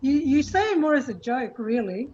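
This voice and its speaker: A woman's voice: sits high, sing-song, normal speed, a little mellow. A woman with an Australian accent who chats casually, laughing as she explains things. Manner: chatty, laughs while explaining. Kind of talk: casual group video chat. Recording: muffled lo-fi audio.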